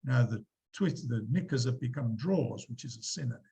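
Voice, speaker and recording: A man lecturing a university class, explaining examples with animated emphasis and quizzing students. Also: medium pitch, fairly quick, gravelly, poor audio. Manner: lively, quizzing students, acting out quotes.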